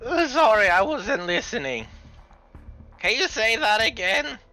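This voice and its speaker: A joking man playing in a tabletop game, laughing often, with a bright, slightly high voice. Faint music runs behind him. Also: lively intonation, unhurried. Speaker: player. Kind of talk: casual chat in a tabletop game.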